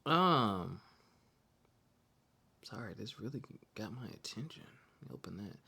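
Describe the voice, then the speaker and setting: A man's voice: lowish voice, lively intonation, a little slow, creaky, sharp tone, husky. A man hosting a podcast in casual, loose, slangy chat, joking with his co-host.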